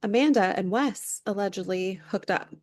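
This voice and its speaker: Her medium-pitched voice has a darkish tone and moves at a normal speed, captured in a dry, close recording. A podcast co-host in her thirties, she recaps gossip casually and chattily, leaning heavily on "like" as filler.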